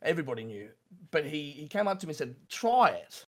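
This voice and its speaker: A middle-aged Australian man telling his story in an interview, halting and repeating himself, with nervous laughs. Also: a little high, animated. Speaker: streamer guest.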